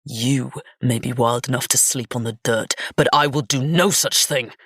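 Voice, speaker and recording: A woman's voice: rumbling low, steady tone, moderate pace, a bit bright, breathy edge, dry recording, clean studio sound, full character voice. A woman voicing a haughty, scornful young nobleman in an audiobook, with a sneering, insulting manner. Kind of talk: audiobook character reading.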